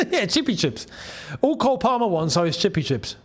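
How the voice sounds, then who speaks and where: A young man hosting a casual live football watchalong, excitable and bantering, laughing often. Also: sits high, a little slow, slightly rough. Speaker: football channel host.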